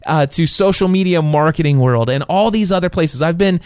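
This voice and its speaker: Male podcast host, slightly high voice, dry close studio sound, eager storyteller. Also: normal speed, darkish tone, clean tone, no echo. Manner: enthusiastic storytelling, acts out quoted dialogue. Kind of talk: solo podcast monologue. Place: small home studio. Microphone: studio microphone.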